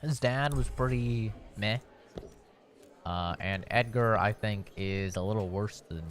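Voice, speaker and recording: A man's voice: lowish voice, unhurried, soft background music. Young man casually commentating a game. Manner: casual, profane, reads on-screen text. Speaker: streamer.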